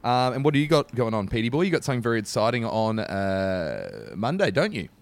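A man's voice: mid-range voice, sing-song, a little fast, gravelly. A young Australian man co-hosting a comedy podcast, wry and joking, trailing off into mumbles while explaining. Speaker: podcast co-host. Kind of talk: casual comedy podcast chat.

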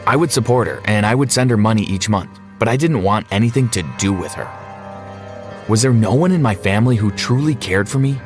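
A man with a fairly low voice narrates a first-person story in an earnest, reflective tone. Faint music runs beneath his scripted read. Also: fairly quick.

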